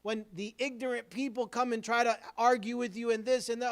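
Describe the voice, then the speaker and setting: A man, an imam, delivering a sermon in an earnest way, building emphasis and then dropping to quiet asides. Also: sits high, normal speed.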